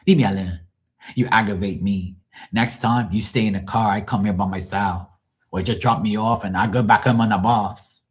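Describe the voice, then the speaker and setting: A man's voice: fairly low pitch, fairly even intonation, moderate pace, close to an everyday voice. A man mimicking his elderly mother of eighty, whiny, negative and self-pitying. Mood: irritated. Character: gloomy complaining woman of eighty.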